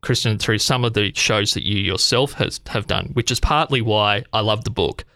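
A man's voice: lowish voice, normal speed, bright, forceful tone, no room sound, studio quality. A man from Australia with an Australian accent, hosting a podcast interview in an enthusiastic, chatty way. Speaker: podcast host. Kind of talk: interview conversation.

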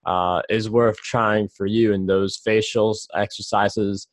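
Low-voiced male podcast host, dry and close. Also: fairly even intonation, measured pace, no echo. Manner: loose and reflective, many "like" fillers. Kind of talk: casual podcast conversation.

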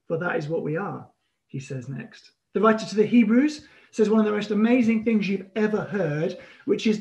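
A man preaching a sermon as pastor, telling stories with animated emphasis and pauses. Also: sits high.

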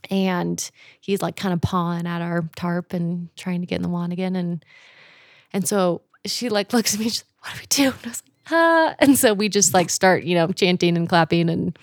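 A woman's voice: lowish voice, normal speed, no echo, clean studio sound. Laughing, swearing woman telling a story. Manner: animated, laughs often, swears casually. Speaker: guest telling a camping story. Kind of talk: casual storytelling.

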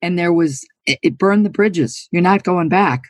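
Speaking at a normal speed with a voice on the low side, a woman in her sixties from New York State shares her story as an interview guest. Once a college golfer, she is candid, earnest and emphatic, and the audio has no echo.

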